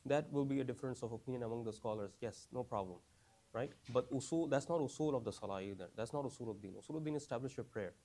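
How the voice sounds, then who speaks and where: Man in his own voice leading a relaxed class, mid pitch, keeps checking "right?" with the room. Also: fast. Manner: conversational, asks the class many questions; repeats phrases, frequent "right?" and "you understand?". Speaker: teacher of a class for new Muslims. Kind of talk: casual classroom teaching.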